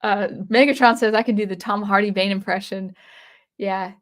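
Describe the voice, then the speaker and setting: A woman's voice: mid-range voice, fairly even intonation, moderate pace. Woman host, casual livestream chat, rambles with fillers. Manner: rambling, with many fillers and restarts. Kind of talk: casual livestream chat reading viewer comments.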